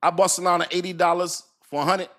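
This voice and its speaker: A man in his fifties hosting a casual crypto livestream, talking in an animated, repetitive, slangy way and laughing often. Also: sits high, fast. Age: 50s. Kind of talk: casual live-stream talk.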